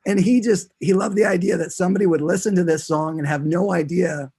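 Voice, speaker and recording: A man in casual conversation, telling stories in an earnest, relaxed and reflective way. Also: high voice, a little fast, creaky, husky. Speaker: guest musician. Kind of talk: casual chat.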